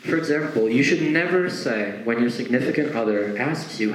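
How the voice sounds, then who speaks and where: A young man performs a stand-up comedy set in a chatty, conversational way, full of asides. His voice sits at a middle pitch but swings widely up and down. A roomy echo surrounds him. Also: normal speed. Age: young adult. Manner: conversational, with frequent asides and lively acted quotes. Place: stage performance.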